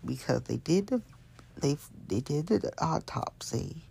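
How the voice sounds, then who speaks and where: A show host chatting casually and at length about the news, rambling and often dropping into hushed asides. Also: mid-range voice, animated, measured pace, creaky, slightly rough. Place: Hamilton County area.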